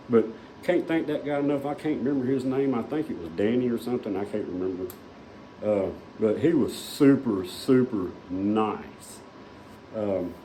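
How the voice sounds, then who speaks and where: A man's voice: medium pitch, dark tone, slight background noise, rough recording. A man, casually telling a rambling, folksy story full of fillers, as a vlogger in a small shop.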